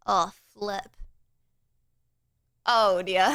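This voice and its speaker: A woman's voice: medium pitch, drawn-out words, fairly bright tone, clear, resonant tone. A young woman streaming live from home, chatting casually and laughing as she fumbles through technical problems. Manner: flustered, exclaiming, laughing through tech trouble.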